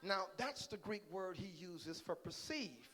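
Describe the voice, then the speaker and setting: A pastor preaching in a church, moving from calm teaching to loud, rising preaching and often repeating his first words. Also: sits high, a little slow. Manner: repeats words as he starts lines. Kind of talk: sermon. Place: church sanctuary.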